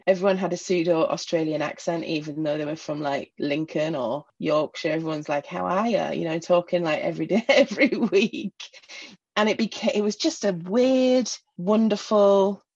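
The dull-sounding audio captures a middle-aged woman from Northeast England recounting memories as a guest in a personal interview, peppered with fillers and small laughs. She speaks at normal speed in a lowish, slightly rough, somewhat mellow voice with fairly even intonation.

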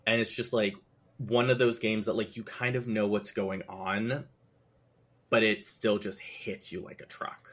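A man chatting as a podcast guest, recounting a game in a lively way. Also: fairly low pitch, a little slow. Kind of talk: casual chat.

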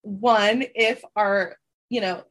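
A woman's voice: medium pitch, fairly even intonation, slow pace, a bit bright. A woman co-hosting a podcast, chatting casually and laughing as she works through her list of notes. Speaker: podcast co-host. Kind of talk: casual gossip chat.

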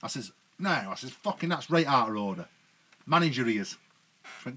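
A man tells a rambling, sweary anecdote with a lively, swooping voice. His tone is bright and slightly husky. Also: medium pitch, brisk. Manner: sweary, animated anecdotes with bursts of laughter. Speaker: podcast guest. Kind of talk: casual storytelling.

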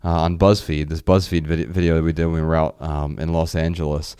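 A man's voice: very deep voice, level tone, brisk, mellow, smooth. A man co-hosting a podcast, chatting casually and rambling, often restarting his phrases. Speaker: podcast co-host.

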